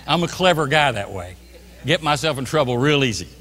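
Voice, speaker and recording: A man's voice: mid-range voice, big pitch swings, a little fast, fairly bright tone. A man preaching a sermon as a pastor, telling a story animatedly and acting out both sides of a store exchange. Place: church sanctuary. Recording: church hall reverb.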